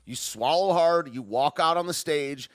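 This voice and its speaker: A man hosting a podcast, chatting in an excitable, rambling way, dropping 'dude' and 'man' and laughing often. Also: on the high side, measured pace, faint music behind. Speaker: podcast host. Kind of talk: casual live-stream commentary.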